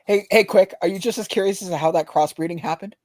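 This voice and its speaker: A man's voice: sits high, quick pace, a little mellow, dry recording. Jokey man on a dry home mic. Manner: jokey, laughs often, puts on funny voices in anecdotes. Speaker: livestream co-host. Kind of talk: casual group chat.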